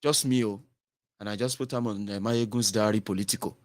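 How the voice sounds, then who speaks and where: A man from Nigeria with a Nigerian accent, hosting a political commentary show in an animated, mocking monologue that mixes English, Pidgin and Yoruba. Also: lowish voice, fairly quick.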